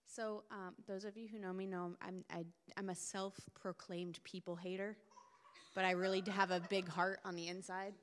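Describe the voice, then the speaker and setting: A woman's voice: medium pitch, little pitch movement, normal speed. A young woman telling a casual testimony at a church gathering, chatty and self-deprecating, laughing often. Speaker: church member sharing a testimony. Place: church meeting room. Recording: echoey hall.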